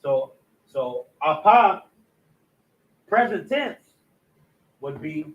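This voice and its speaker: A man's voice: fairly high pitch, big pitch swings, roomy sound. Man teaching a language class, lo-fi. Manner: spells words out slowly, corrects himself aloud. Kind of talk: Hebrew language lesson at a board. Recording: dull lo-fi room recording.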